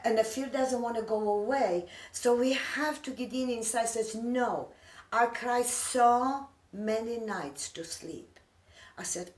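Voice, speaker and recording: Speaking unhurriedly in a voice on the high side, a woman in her 60s shares an emotional personal story in earnest, heartfelt broken English. She's an immigrant, and the recording has an echoey room sound with a far-off microphone.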